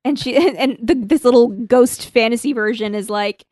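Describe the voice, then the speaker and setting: A woman's voice: a little high, moderate pace, darkish tone, no room sound, studio quality. A woman casually recapping an anime episode, chatty and laughing, full of "like" fillers. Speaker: podcast co-host.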